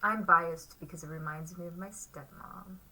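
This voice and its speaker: A woman's voice: lowish voice, fairly even intonation, normal speed, sharp tone, recorded from a distance, poor audio. A woman co-hosting a casual chat show, playful and teasing, often laughing. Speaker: podcast co-host.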